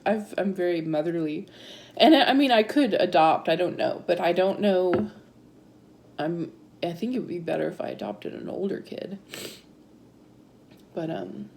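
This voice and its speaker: A woman in her thirties with a slightly low-pitched voice shares her own story. She talks in a chatty way, fills her sentences with "like" and laughs often. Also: a little mellow, a little hiss or hum. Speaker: interviewee sharing her story. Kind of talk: personal storytelling.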